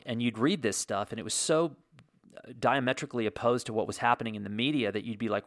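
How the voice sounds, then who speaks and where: Middle-aged male host with a gravelly voice and a dry sound, rambling and conversational. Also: medium pitch, fast, no echo. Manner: conversational, rambling with restarts and asides. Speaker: podcast host. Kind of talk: casual storytelling.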